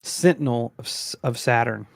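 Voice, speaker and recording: Male podcast co-host, mid-pitched, gravelly, easygoing and meandering. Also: normal speed, dry recording, clean studio sound. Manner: rambling, laid-back, trailing off often. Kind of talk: casual chat.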